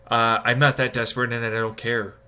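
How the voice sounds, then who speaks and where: Exasperated streamer man, bright voice. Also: level tone, brisk, clean tone. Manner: exasperated, swearing, mocking voices with sudden high outbursts. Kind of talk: casual live-stream rant.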